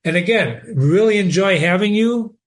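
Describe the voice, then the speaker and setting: A man's voice: high voice, moderate pace. A man hosting a reading show, explaining a novel in a conversational teaching manner, with rhetorical questions and repeated words. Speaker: host and reader.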